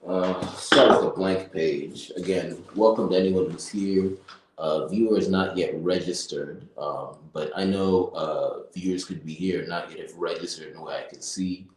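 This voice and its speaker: A man's voice: sits low, fairly even intonation, moderate pace. A man streaming as he thinks aloud and takes notes, rambling and breaking into chanted nonsense syllables. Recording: very echoey room, mic far off, faint noise.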